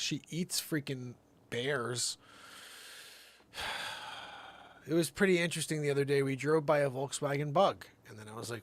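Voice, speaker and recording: A man's voice: mid-range voice, normal speed, long pauses. A middle-aged man hosting a comedy show, spinning a rambling tall-tale monologue with theatrical jumps in voice.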